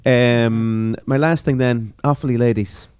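A man's voice: medium pitch, steady tone, a little slow, darkish tone, smooth. An Irish man co-hosting a podcast, leading a casual chat in an upbeat way. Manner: upbeat, steering the talk. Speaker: podcast co-host.

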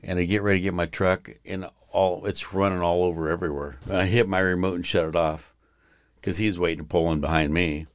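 A man's voice: sits low, steady tone, a little fast, no echo, clean studio sound. A man telling rambling stories in a casual podcast chat, often breaking into laughter at his own tales.

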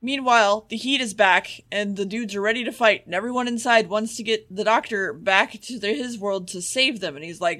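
A man's voice: sits high, normal speed, hardly any pauses, bright, forceful tone. A man co-hosting a podcast, casually recapping an episode, swearing freely and acting out the characters' lines. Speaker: podcast co-host.

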